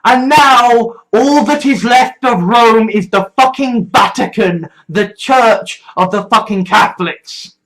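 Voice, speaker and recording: A speaker putting on a bad Scottish accent to play an angry, self-righteous Doctor in a loud, heated rant that stumbles over its words. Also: medium pitch, slow, few pauses, voice pushed up, poor audio. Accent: put-on Scottish.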